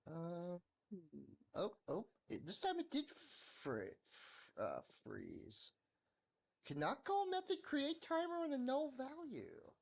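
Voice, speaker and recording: A man's voice: very high voice, huge pitch swings, takes it slowly, vocal fry. A man live-streaming his coding, thinking aloud in a goofy, rambling, sing-song way.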